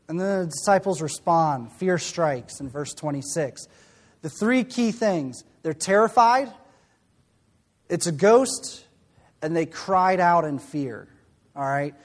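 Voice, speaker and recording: A man's voice: high voice, a little mellow. A man preaching a sermon in a conversational way, often asking the listeners questions.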